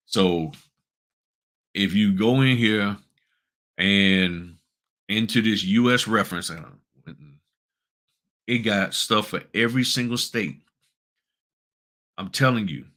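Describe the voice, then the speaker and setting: A man's voice: fairly low pitch, fairly bright tone. A middle-aged man hosting a casual tutorial on notary work, talking folksy and emphatic and addressing viewers as y'all. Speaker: notary business host. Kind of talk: casual screen-share tutorial.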